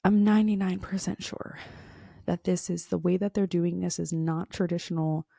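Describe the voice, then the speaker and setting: A woman's voice: deep voice, gravelly, mellow, dry recording, clean studio sound. A woman hosting a podcast, telling a frustrated story in a casual monologue full of fillers. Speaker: podcast host.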